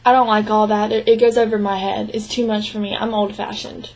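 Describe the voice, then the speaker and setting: A young woman interpreting a signed interview into spoken English, speaking in short, halting phrases with restarts and frequent throat clearing. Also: mid-range voice, little pitch movement, poor audio. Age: young adult. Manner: clears her throat often. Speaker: sign language interpreting student.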